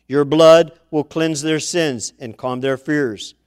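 A man's voice: fairly high pitch, fairly even intonation, slow, a little mellow, smooth. A man voicing God the Father as a stern, commanding male figure who lays down the rules in a dramatic sermon poem. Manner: majestic, laying down the rules.

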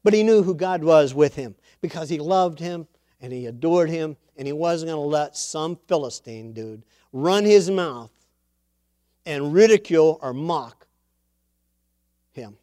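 High-voiced animated preacher man. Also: a little slow, no echo, clean studio sound. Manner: animated storytelling preacher, acts out quotes. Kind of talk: sermon.

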